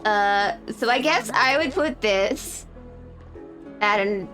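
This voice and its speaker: A woman's voice: mid-range voice, expressive, slow, fairly bright tone, faint music behind. A woman streamer in casual chat, feeling a bit unwell, rambling and correcting herself with frequent laughs.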